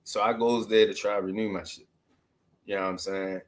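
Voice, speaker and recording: A man's voice: lowish voice, little pitch movement, fairly quick. Slangy man in his thirties rambling. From Maryland, USA. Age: 30s. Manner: loose, slangy street talk with many asides. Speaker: vlogger. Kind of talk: casual storytelling monologue.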